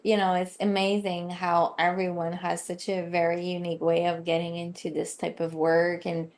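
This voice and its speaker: A woman's voice: fairly low pitch, completely flat delivery, normal speed, darkish tone. A woman hosting a podcast interview, reflective and a little hesitant in casual talk. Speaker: podcast host.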